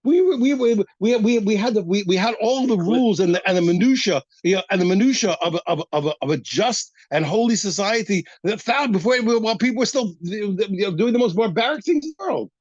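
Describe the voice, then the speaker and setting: A man teaches a Talmud class in a high, swooping voice, racing through his points. He is emphatic and repeats words as he pushes on. The recording is dry and a bit dull. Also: brisk, few pauses, no echo. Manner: animated, emphatic, repeats himself. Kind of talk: daf yomi class.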